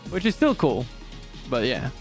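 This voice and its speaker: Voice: medium pitch, huge pitch swings, a little slow, faint music behind. A streamer chatting casually while playing a game, rambling, correcting themselves and swearing offhand.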